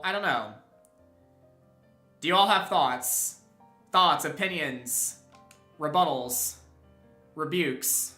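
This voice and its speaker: With a sharp tone and a voice that's a little high, a young gamer chats casually on a live stream. The recording echoes in the room, and his talk rambles with many restarts and chuckles.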